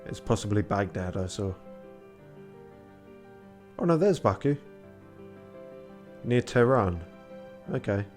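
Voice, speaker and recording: A tired man with a fairly low voice plays through a game on stream, reading passages aloud and tossing in wry, muttered remarks. Faint music runs underneath. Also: animated, takes it slowly, pauses often, a little mellow. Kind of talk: casual gameplay commentary, reading game text aloud.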